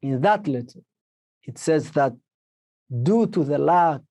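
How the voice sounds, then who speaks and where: Man, interviewee, personal testimony, halting second-language English, slightly high, dark tone. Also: animated, no echo. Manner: halting, with many restarts and fillers.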